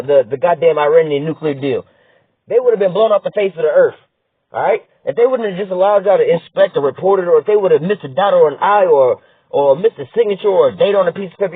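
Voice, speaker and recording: Brief: blunt, profane male commentator with a husky voice, recorded dry on thin phone-like audio. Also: high voice, dry recording. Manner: blunt, profane, rhetorical, repeats "all right?". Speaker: political commentator. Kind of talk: heated profane commentary reading news aloud. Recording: tinny phone-like dry sound.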